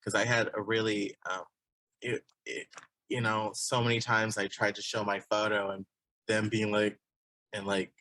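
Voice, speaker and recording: A young man from Texas, an illustrator and comic artist, appears as a guest on an interview podcast and talks casually and ramblingly, laughing and restarting often. His fairly low voice is level, bright and forceful at a normal speed, with no echo.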